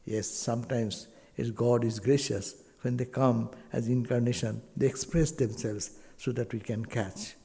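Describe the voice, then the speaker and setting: A man delivers a slow, emphatic sermon, his voice gravelly and mellow. He quotes scripture and lifts his voice at key lines. The recording carries the long reverb of a hall. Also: medium pitch, fairly even intonation. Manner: slow, emphatic delivery with Sanskrit terms and rising exclamations. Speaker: swami giving a spiritual talk.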